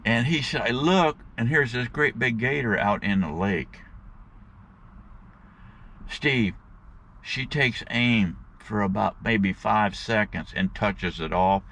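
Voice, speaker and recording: Gravelly man spinning a folksy yarn. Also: lowish voice, takes it slowly, pauses often. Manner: animated storyteller, folksy with slang, addresses viewers as guys. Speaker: vlogger telling stories to his viewers. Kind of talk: rambling casual storytelling. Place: outdoors.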